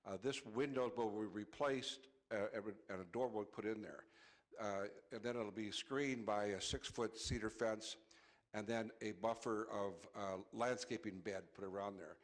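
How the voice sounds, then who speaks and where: A man's voice: fairly low pitch, fairly even intonation, normal speed. A man on city staff presenting a zoning item at a council meeting, matter-of-fact and full of "uh" fillers. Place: council chamber.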